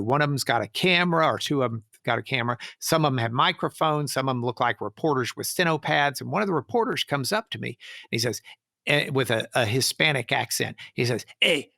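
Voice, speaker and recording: Middle-aged lawyer guy spinning a yarn, gravelly bright voice, dry sound. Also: medium pitch, fairly quick, dry recording. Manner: animated storyteller, acts out quoted voices. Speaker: trial lawyer, podcast guest. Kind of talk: storytelling interview answer.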